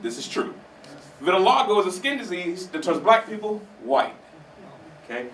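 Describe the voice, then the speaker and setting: A woman's voice: on the low side, very animated, moderate pace, slight background noise. A man doing the voice of a blunt mother who lectures her son in a matter-of-fact way, caught live in a roomy small theater from a distance. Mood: lecturing.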